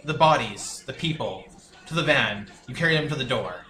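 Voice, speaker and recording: A man at a game table who chats in an offhand way while making plans. His voice is bright and forceful. The room is echoey, with faint music in the background. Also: mid-range voice, lively intonation, normal speed. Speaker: player. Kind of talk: casual chat at a game table.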